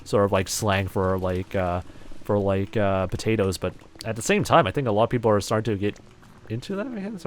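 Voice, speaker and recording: Speaking at a medium pitch, a New Zealander with a light, slightly American-sounding accent chats casually with his live-stream viewers as he games and reads out their messages. His talk rambles, packed with "like" and "um" and frequent restarts.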